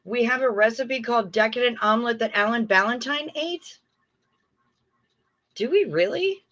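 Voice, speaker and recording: A woman's voice: on the high side, normal speed, fairly bright tone. A middle-aged woman hosting a livestream in casual chat, effusive and chatty as she reads viewer comments aloud. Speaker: livestream host.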